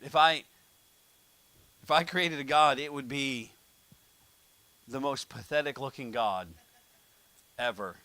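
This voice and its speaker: Joking American preacher, bright and dry. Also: male voice, medium pitch, takes it slowly, pauses often, dry recording. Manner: conversational, jokey preaching with told anecdotes. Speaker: pastor. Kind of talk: sermon.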